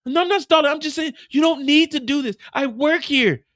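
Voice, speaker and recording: Man doing a frightened young woman, high pleading voice, bright, dry. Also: brisk, no room sound. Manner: high-pitched pleading, rambling.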